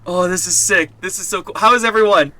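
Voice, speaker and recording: A man live-streaming an online game, talking excitedly and rambling to his viewers, laughing often. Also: high-pitched, quick pace. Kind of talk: live gameplay stream chat.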